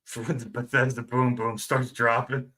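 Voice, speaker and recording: A middle-aged man from Florida hosting a live Q&A, reading out viewer comments in a relaxed, profane, laugh-filled way. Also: mid-range voice, moderate pace. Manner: relaxed, swears freely, laughs often. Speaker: host of a live Q&A stream.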